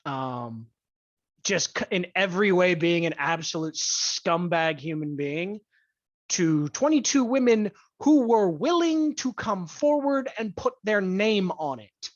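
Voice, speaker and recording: A podcast host in a profane sports rant, angry, crude and blunt, stressing key words with deliberate emphasis. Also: medium pitch, expressive, no room sound. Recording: dull lo-fi dry recording.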